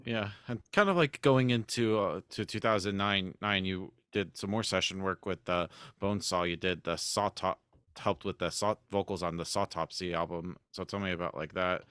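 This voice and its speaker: Low-voiced man interviewing, smooth tone. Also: normal speed, fairly bright tone, no echo. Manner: brief agreeing interjections, friendly questions. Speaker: interview host. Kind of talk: casual interview.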